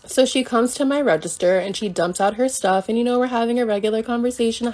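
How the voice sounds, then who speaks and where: A woman telling a casual story about her job, animated and quoting coworkers and customers. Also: on the high side, fast, hardly any pauses. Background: faint music.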